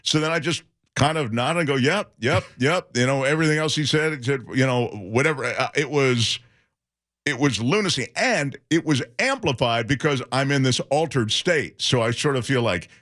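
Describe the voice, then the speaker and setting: A man's voice: medium pitch, moderate pace. A middle-aged man, a guest radio host, telling stories in casual chat and acting out the voices of the people he quotes. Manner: animated, acts out quoted voices.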